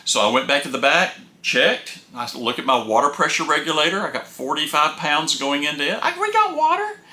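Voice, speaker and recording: A man's voice: fairly high pitch, fairly quick, sharp tone, reverberant. A man telling casual first-person stories from his travels with an RV, folksy and rambling, often repeating words as he goes.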